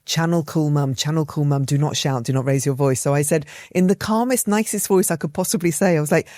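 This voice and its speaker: A middle-aged woman co-hosting a podcast from a room at home, telling stories in a lively, animated way. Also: sits low, brisk, dry recording, studio quality. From England. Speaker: podcast co-host. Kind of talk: casual chat.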